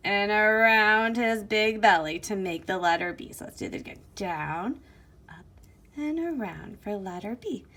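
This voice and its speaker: A woman teacher giving an online phonics lesson to young children in a slow, sing-song, encouraging way, recorded on her device's camera mic. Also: mid-range voice, a bit bright.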